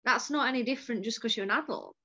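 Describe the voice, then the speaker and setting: A woman's voice: a little high, fast talker, sharp tone. A woman who hosts and coaches, talking candidly in casual conversation and telling stories with swearing and laughter. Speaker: podcast host and coach. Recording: dull lo-fi sound.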